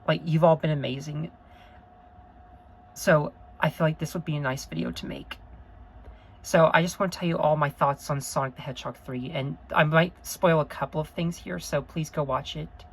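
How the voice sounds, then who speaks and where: A woman's voice: sits low, fairly even intonation, normal speed, husky, poor audio. A woman talking to camera in an unscripted review vlog, earnest and rambling, gushing with emotion and often apologizing. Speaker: vlogger.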